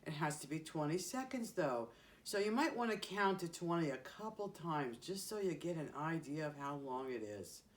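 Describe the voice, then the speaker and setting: A woman who entertains children, speaking to young kids in a gentle, sing-song way with exaggerated emphasis. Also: low-pitched, expressive, normal speed.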